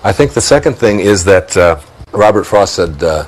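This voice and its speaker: A man's voice: low voice, animated, moderate pace, rough recording. A man with a Detroit accent, speaking as a guest in a reflective spiritual interview, musing aloud, chuckling often and repeating words as he thinks.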